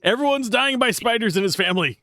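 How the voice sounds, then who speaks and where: A man's voice: very high-pitched, animated, fast, pushed and bright, no echo. A man chatting casually over a game, making jokes and reading dialogue choices aloud. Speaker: streamer guest.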